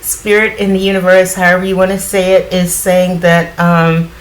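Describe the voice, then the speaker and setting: A woman giving a casual spiritual card reading in a groggy morning voice, often clearing her throat and rambling reassuringly with lots of fillers. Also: fairly low pitch, level tone, normal speed, poor audio. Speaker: tarot card reader.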